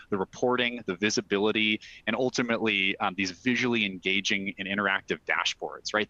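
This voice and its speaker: Male webinar presenter, lowish bright voice, dry sound, brisk sales walkthrough. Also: no room sound, low-quality recording. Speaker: software company presenter. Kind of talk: webinar product demo.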